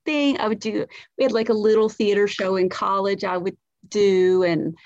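A woman's voice: medium pitch, fairly even intonation, normal speed, a little mellow, no room sound, lo-fi sound. A woman from South Carolina with a light Southern accent tells stories as a comedian guest on a podcast. She talks casually, swears freely and uses lots of "like" and restarts.

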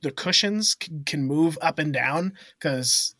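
A man's voice: on the high side, unhurried, no echo, clean studio sound. A man co-hosting a casual podcast, telling a funny story with lots of laughter. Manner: animated, laughing often, acts out voices in stories. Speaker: podcast co-host.

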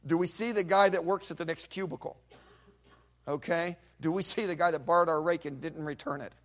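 A man's voice: a little high, fairly even intonation, brisk. A male pastor preaching a sermon, retelling a Bible story with vivid acted voices and sound effects.

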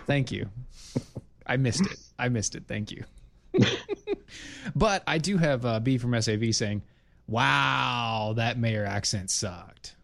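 A man's voice: medium pitch, lively intonation, slow, creaky, long pauses, fairly bright tone. A man hosting a casual chat show, playfully teasing and interrupting his co-host. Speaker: podcast host.

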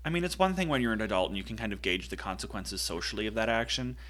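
A man's voice: fairly low pitch, sing-song, fast, fairly bright tone. A man co-hosting a podcast, chatting casually about a film, laughing often and playful. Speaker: podcast co-host. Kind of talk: casual chat recapping a film.

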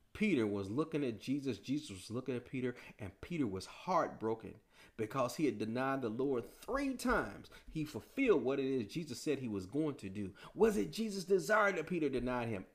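A man preaching a sermon in a casual, slangy style, full of rhetorical questions. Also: mid-range voice.

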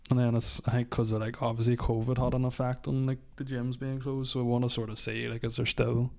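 Young lad, middle pitch, kinda hesitant, tails off with like. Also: male voice, level tone, brisk, creaky, a little mellow. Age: young adult. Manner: hesitant, trailing "like". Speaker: podcast co-host. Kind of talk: casual chat.

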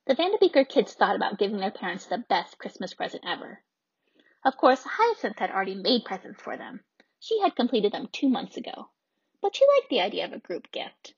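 A woman narrating a children's audiobook with lively, expressive storytelling. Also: mid-range voice, brisk, breathy edge, no echo, lo-fi sound.

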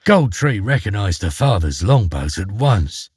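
A man narrating a folk tale in a playful, expressive storytelling manner. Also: lowish voice, measured pace, slightly rough, no room sound, clean studio sound.

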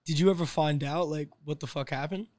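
A man's voice: a little high, a little fast, a little mellow. A man co-hosting a podcast in a casual chat, mostly adding short reactions and jokes. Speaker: podcast co-host.

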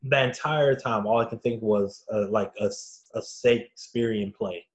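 Relaxed man on a dull lo-fi mic. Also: fairly low pitch, normal speed. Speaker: podcast co-host. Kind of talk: casual movie review chat.

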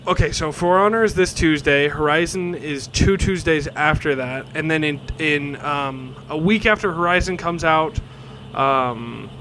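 A man co-hosting a casual gaming podcast, chiming in with upbeat, excited remarks. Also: fairly high pitch, unhurried, slight background noise. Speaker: podcast co-host.

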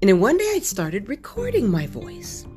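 A woman hosting her own podcast as an evangelist, talking about learning to like her voice, with a loud laugh and lively retellings of what others told her. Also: mid-range voice, normal speed, soft background music. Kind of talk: personal podcast talk.

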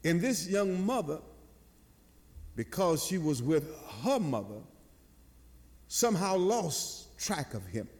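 Animated older preacher in a church. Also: male voice, on the high side, big-room sound. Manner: animated storyteller, slow and drawn-out. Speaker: pastor. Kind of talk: sermon.

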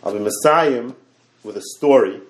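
Male rabbi lecturing a Torah class, animated, fast bursts, echoey room, mid pitch.

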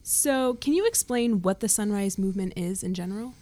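A woman's voice: mid-range voice, animated, fairly quick, dark tone. Woman host of a news show, mid voice, chatty and upbeat. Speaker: host and reporter. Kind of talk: casual news show hosting.

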